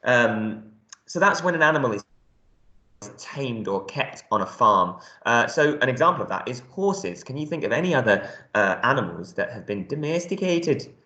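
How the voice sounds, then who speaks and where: A man's voice: medium pitch, very animated, normal speed, pushed and bright, roomy sound. A male primary school teacher giving a recorded reading lesson, explaining words step by step in a friendly way with lots of ums.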